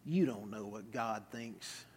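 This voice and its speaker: A man voicing a crotchety old man in a wheelchair, gruff and blunt. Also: on the low side, slow pace, a little mellow, pitched below the performer's own voice, heavily acted. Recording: reverberant hall.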